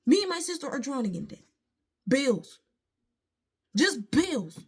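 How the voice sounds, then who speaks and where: A high-pitched woman, ranting straight into her phone at home. She talks emphatically and in exasperation, with quick appeals to faith. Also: sing-song, slightly rough. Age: late 20s. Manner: frustrated, emphatic ranting with religious asides. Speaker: vlogger. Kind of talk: venting straight to camera. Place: at home, indoors.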